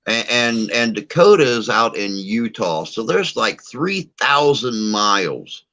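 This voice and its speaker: A man hosting a podcast, asking his guests questions in a relaxed way. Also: medium pitch, slow pace. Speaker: podcast host. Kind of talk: casual podcast chat.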